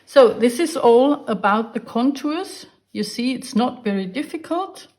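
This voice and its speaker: Slow, patient woman teaching drawing. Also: fairly high pitch, lively intonation, darkish tone. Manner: patient, explaining step by step while drawing. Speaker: art teacher. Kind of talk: drawing lesson.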